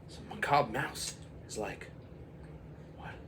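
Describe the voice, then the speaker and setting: A man's voice: lowish voice, lively intonation, slow, creaky, noisy background. A man telling a rambling comic story, full of sound effects and put-on voices. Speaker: comedic storyteller.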